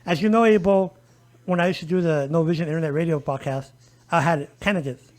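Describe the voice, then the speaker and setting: High-voiced man telling an animated story. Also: a little fast. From El Paso, Texas. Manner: animated storytelling, acts out quoted dialogue. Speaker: disability advocate guest. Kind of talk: casual podcast conversation.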